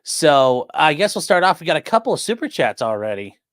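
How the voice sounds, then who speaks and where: A man's voice: on the high side, very animated, a little fast, fairly bright tone, no echo, clean studio sound. A man hosting a livestream, chatting casually and reading out viewer comments with loose, repetitive phrasing. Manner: loose and conversational, many fillers, repeats phrases. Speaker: host of a legal commentary livestream.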